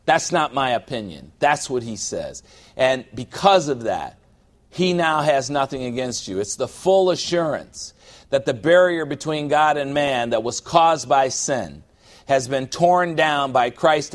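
A middle-aged man preaching a sermon as a pastor, conversational and humorous, acting out little scenes from everyday life. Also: mid-range voice.

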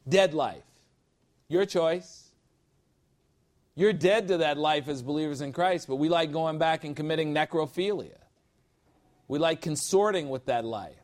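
A man teaching a sermon-style Bible lesson, reading scripture slowly and adding emphatic, jokey asides. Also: a little high, darkish tone.

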